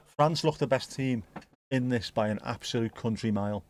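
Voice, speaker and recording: A man's voice: medium pitch, moderate pace. A man chatting casually through a live football watch-along, rambling, joking and swearing freely. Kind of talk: casual live match commentary chat.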